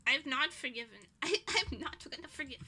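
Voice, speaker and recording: A woman's voice: high-pitched, expressive, moderate pace, pushed and bright. A young woman streamer chatting casually, ranting indignantly with swearing and laughter. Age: young adult.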